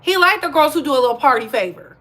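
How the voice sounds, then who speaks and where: A woman's voice: high voice, animated, quick pace, fairly bright tone. A woman giving blunt, sassy reaction commentary on a vlog, repeating her points for emphasis. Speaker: commentary vlogger.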